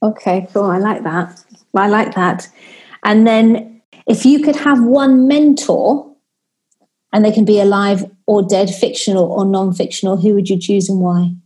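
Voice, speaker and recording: Female interviewer: mellow tone, upbeat, laughs easily. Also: medium pitch, steady tone, unhurried. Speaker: podcast host. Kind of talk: interview questions.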